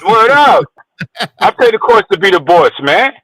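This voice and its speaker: A man's voice: high-pitched, big pitch swings, moderate pace, sharp tone, no echo, poor audio. A man chatting casually, brash and profane, boasting as he tells stories. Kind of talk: crude casual chat.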